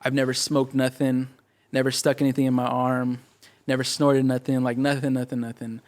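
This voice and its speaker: A young man, a pastor, telling his story in a casual podcast interview, rapid and animated, full of fillers and acted-out quotes. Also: medium pitch. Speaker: pastor and guest. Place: podcast studio.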